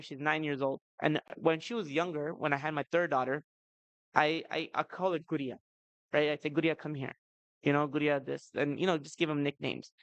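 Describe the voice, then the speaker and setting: A man's voice: a little high, no echo, rough recording. Conversational man speaking to parents. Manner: conversational, many "you know" and "right?" asides. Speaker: speaker at a family seminar. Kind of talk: community talk to parents.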